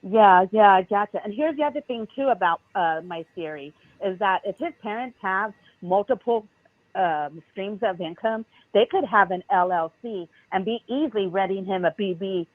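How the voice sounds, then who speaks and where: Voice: medium pitch, normal speed. A caller on a live call-in show, chatting casually and agreeably with lots of filler words. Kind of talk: casual phone call-in chat. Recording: tinny phone line.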